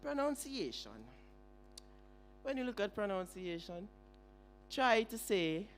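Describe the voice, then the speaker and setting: A man's voice: sits high, animated, slow pace, long pauses. A young man with a Jamaican accent giving a formal debate speech as first opposition speaker, firing rhetorical questions at the audience and opponents.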